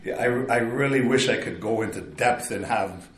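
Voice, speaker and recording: A man's voice: medium pitch, moderate pace. An older man sharing his recovery story at a meeting in a rambling, casual way, with wry asides. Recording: echoey room, faint background.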